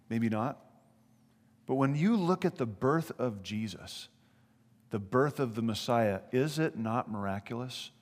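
A man preaching a sermon as pastor, animated and conversational, asking his listeners questions as he goes. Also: medium pitch, long reverb tail.

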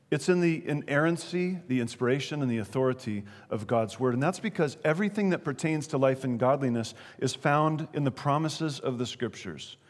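A man preaching a sermon in a conversational way, often checking in with his listeners. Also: a little high. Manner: conversational, asks the audience questions. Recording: long reverberant hall.

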